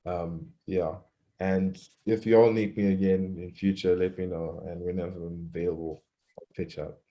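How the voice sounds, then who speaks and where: A man's voice: sits low, level tone, moderate pace, lo-fi sound. A man as a guest in a casual livestream chat, easygoing and polite.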